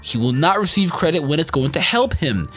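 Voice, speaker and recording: A man giving a casual spoken anime review in an excitable, slangy, rambling way. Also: a little high, brisk, faint music behind.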